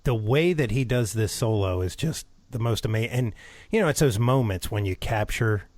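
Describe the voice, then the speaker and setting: A man's voice: lowish voice, lively intonation, moderate pace, a little mellow, dry recording. A man co-hosting a music podcast, enthusiastic and often searching for his words. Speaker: podcast co-host. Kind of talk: casual chat.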